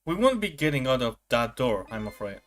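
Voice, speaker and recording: A man voicing a calm, serious middle-aged detective who speaks in a low, measured way. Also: soft background music. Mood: grave.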